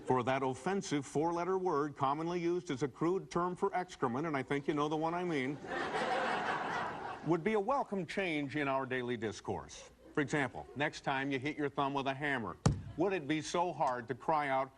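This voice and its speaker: A man delivering a comic editorial monologue in a mock-earnest, animated manner. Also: normal speed. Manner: mock-earnest, animated, jumping into high shouts. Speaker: comedy commentator. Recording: noisy TV studio tape.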